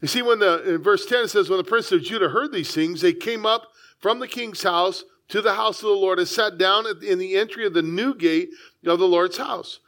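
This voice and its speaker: A man's voice: sits high, normal speed, fairly bright tone. A man preaching a sermon as a pastor, reading scripture and talking in a conversational way with frequent asides. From United States.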